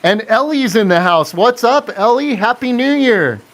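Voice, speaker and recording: A man's voice: very high voice, expressive, normal speed, fairly bright tone. A man hosting a casual live stream, chatting and answering viewer comments with frequent laughs.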